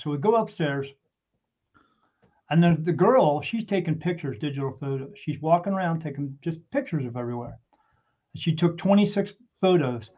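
A man casually telling a personal story in an animated way, swearing freely and often restarting his sentences. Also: on the high side, normal speed. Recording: dull lo-fi recording.

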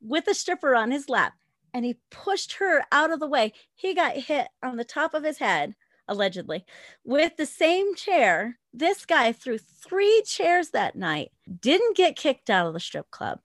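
Interview guest, woman in her forties, high voice, dry close sound, loud animated storyteller who laughs a lot. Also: unhurried, dry recording. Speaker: guest, former dancer with a podcast.

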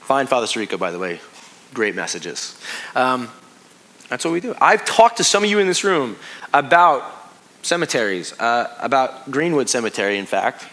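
A man in his thirties giving a conversational sermon as pastor, full of restarts and sinking to a hush on heavy points. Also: mid-range voice, big pitch swings, moderate pace.

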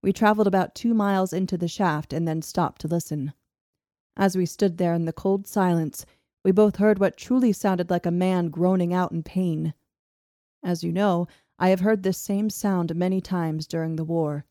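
Woman host, warm dark tone, steady scripted read, dry studio sound. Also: fairly low pitch, moderate pace, dry recording. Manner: steady storytelling with laughs between. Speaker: podcast host. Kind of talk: reading a history script with banter.

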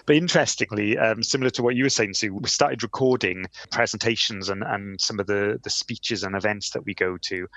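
A man with a somewhat low voice, recorded dry and close. He is a guest on a podcast panel and gives measured, practical answers. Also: fairly bright tone, no room sound. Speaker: podcast guest, internal communications professional. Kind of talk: casual panel discussion.

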